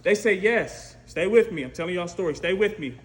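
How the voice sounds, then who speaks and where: Male preacher, storytelling sermon, high pitch, lively asides, roomy church echo. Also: a little fast. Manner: lively, conversational, frequent "right?" asides. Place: church sanctuary. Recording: echoey church room with faint noise.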